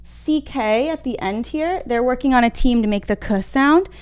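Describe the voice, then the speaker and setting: A young woman teaching a livestreamed phonics lesson to small children, her voice smooth, resonant and a little high. She sounds out letters slowly and clearly and keeps cheering the children on. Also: animated, a little mellow. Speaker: kindergarten reading teacher. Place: home room at a whiteboard.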